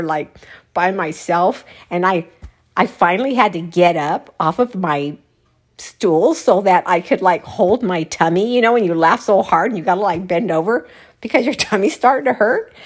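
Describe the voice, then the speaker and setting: Woman laughing through a funny story. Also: medium pitch. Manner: laughs often mid-sentence, lively storytelling. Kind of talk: casual personal anecdote.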